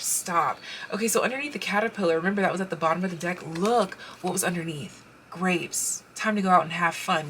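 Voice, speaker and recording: A woman with a low-pitched voice reads tarot cards for the viewer in a loose, chatty way. She often breaks off to exclaim over the cards she turns up. Her tone is bright and sharp, and her speech rambles and restarts. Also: slight background noise. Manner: excitable, exclaims and interrupts herself while pulling cards; speaks straight to the viewer in the second person. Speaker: tarot card reader. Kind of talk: casual pick-a-card tarot reading.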